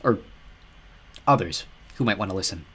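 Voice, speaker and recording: A man reading an audiobook, voicing a guarded adult woman who speaks softly and cautiously. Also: low voice, expressive, moderate pace, husky, exaggerated voice. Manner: soft, cautious and earnest. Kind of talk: audiobook narration.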